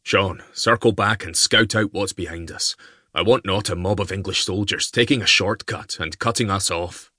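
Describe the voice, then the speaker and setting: A male audiobook narrator voicing a wounded Highland knight who speaks bluntly and commandingly. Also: moderate pace, pushed and bright, no room sound, clean studio sound. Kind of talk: audiobook character voice.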